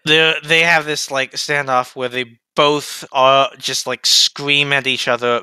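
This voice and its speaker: A man's voice: medium pitch, level tone, slow, few pauses, pushed and bright, smooth, no room sound. A man in a casual anime discussion, recapping the plot in long, rambling runs.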